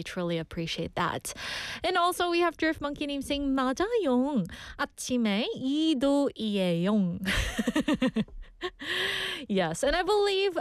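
A woman's voice: a little high, smooth, no echo, clean studio sound. A young woman hosting a radio show, chatting and laughing as she reads listener messages. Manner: bubbly, chatty, laughs often. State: out of breath. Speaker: radio host. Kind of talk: casual radio chat reading listener messages.

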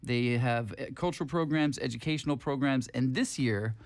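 A man's voice: medium pitch, normal speed. A man from Long Island with a New York accent, a guest on a radio show, chatting casually and joking at his own expense. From Long Island, USA. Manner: self-deprecating, joking, laughs at himself. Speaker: radio guest presenting news. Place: radio studio.

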